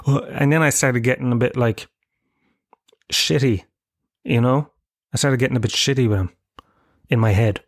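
A man's voice: medium pitch, unhurried, pauses often. Irish guy ranting alone on his podcast, swears a lot, pokes fun at himself. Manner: rambling, profane, self-mocking. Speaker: podcast host. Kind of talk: casual solo monologue. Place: home room with bookshelves.

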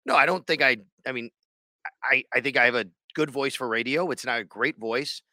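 A man's voice: mid-range voice, brisk, sharp tone, dry recording, clean studio sound. A man co-hosting a sports podcast in casual chat, rambling and restarting his sentences. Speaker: radio sports show co-host.

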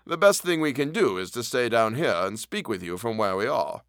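A man playing a good-natured Victorian-style lawyer in an audiobook, brisk and concerned for his friend. The sound is dry and close, his pitch in the middle range. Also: very animated, fairly bright tone, dry recording.

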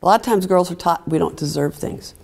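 Older woman with a gravelly husky voice. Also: lowish voice, a little fast. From United States. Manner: animated storytelling, acting out voices of family. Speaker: former tennis champion telling her story. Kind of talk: motivational storytelling.

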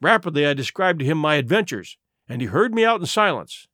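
A man reading a classic adventure story aloud in a measured, expressive way. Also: fairly high pitch, no room sound, clean studio sound. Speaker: audiobook narrator. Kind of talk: storybook narration.

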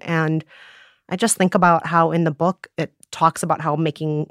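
A woman's voice: low voice, steady tone, normal speed, dry recording, clean studio sound. A woman co-hosting a podcast, talking earnestly and reflectively in casual chat. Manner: earnest, warm laughter, reflective. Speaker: podcast co-host.

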